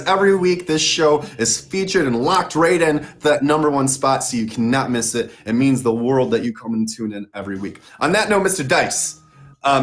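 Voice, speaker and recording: A man's voice: mid-range voice, fairly bright tone. A man hosting a live-stream interview show, talking in an enthusiastic, chatty way and laughing easily. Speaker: host.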